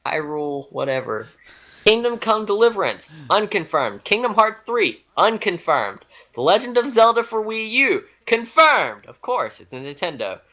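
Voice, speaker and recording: Male co-host, bright and animated, unhurried singsong delivery, giggly. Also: high-pitched, lo-fi sound. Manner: reads items in a rising-then-falling singsong, laughs often; giggly, self-mocking. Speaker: podcast co-host. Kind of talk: casual chat reading a list.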